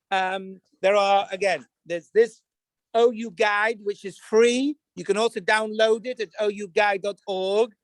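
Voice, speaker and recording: A man's voice: high-pitched, a bit bright, dry recording. A man, a rabbi, talking casually to an online group, rambling through anecdotes with many fillers and restarts as he looks things up. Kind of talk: casual teaching talk with anecdotes.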